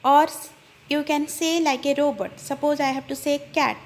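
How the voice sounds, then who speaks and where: A woman teaching a grammar lesson, explaining slowly and spelling out word parts, with small fillers and restarts. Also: high-pitched, steady tone. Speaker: English teacher.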